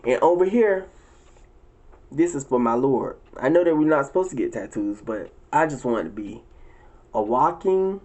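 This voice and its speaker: Male vlogger, profane and preachy rant, emphatic, with shrill high-pitched outbursts. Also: lively intonation, moderate pace, a little mellow. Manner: leaps into high, shrill exclamations. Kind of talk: casual ranting monologue to viewers.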